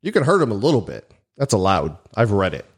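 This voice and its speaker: A man co-hosting a casual podcast, telling stories with joking, deadpan asides. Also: on the low side, fast, slightly rough. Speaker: podcast co-host. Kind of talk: casual comedic chat.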